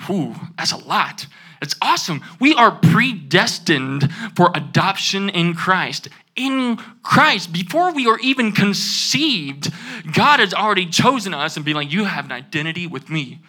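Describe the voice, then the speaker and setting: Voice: mid-range voice, very animated, measured pace, pushed and bright, slightly rough. A young adult student giving an earnest sermon, repeating key phrases and asking the audience to say them back. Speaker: student speaker.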